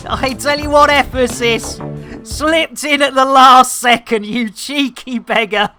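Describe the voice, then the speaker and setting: A woman talks her way through a live game stream in a chatty, exclamatory way, calling out to her viewers between steps. Her voice sits fairly high for a woman, and she speaks slowly with unhurried pauses. Soft music plays faintly underneath. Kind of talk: casual live-stream chat.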